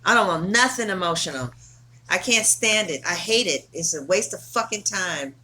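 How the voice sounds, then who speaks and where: Blunt, bright-voiced woman tarot reader. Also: fairly low pitch, lively intonation, normal speed, a little hiss or hum. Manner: blunt and profane, emphatic. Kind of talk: casual monologue to camera.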